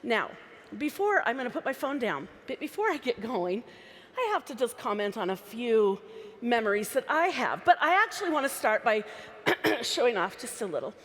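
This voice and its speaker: A woman convention speaker with a high-ish, sing-song, slightly bright voice talks at normal speed, giving a chatty, playful live talk through a stage microphone to a big convention crowd. The hall sound is live and reverberant.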